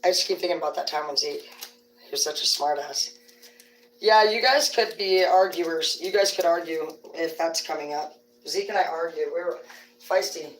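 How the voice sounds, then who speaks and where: A woman with a slightly low voice chats on her livestream, drifting from one story to the next and swearing as she goes. She sits some distance from the mic in a roomy, echoing space. A faint background hum runs under her talk. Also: moderate pace. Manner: rambling, profane storytelling. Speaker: livestream host. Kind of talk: casual livestream chat.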